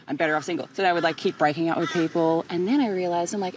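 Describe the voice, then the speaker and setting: A woman in her thirties hosting a podcast, talking in an animated, emphatic casual way and swearing freely. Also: on the low side, racing, few pauses, slight background noise. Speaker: podcast host. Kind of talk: casual chat.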